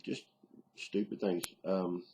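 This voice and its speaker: A man's voice: low-pitched, little pitch movement, takes it slowly, mellow, slight background noise. A middle-aged man with a Southern US accent, rambling in a casual video diary with lots of ums. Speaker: video diarist. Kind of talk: casual vlog monologue.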